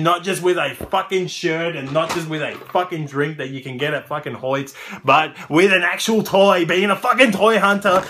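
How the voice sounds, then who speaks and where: A man's voice: fairly high pitch, bright, forceful tone, slight background noise. Profane ranting Australian man. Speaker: toy reviewer host. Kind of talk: ranting toy review vlog.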